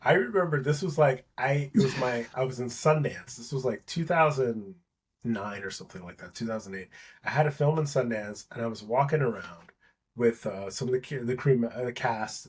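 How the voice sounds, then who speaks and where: A man, an actor guest, in casual chat, telling animated stories and swearing freely. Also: medium pitch, moderate pace, breathy edge. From Palestinian family.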